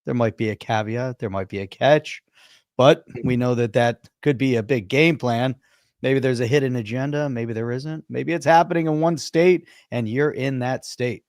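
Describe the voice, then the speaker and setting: A man's voice: medium pitch, darkish tone, no echo. Upbeat male show host, dry sound. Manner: upbeat, hyping up the topics. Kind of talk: live-stream show intro and chat.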